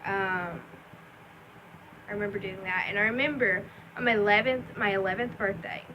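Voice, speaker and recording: A woman's voice: mid-range voice, moderate pace, highs cut off. Young woman, rambling vlog story, lots of ums and likes, faint hiss behind. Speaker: vlogger.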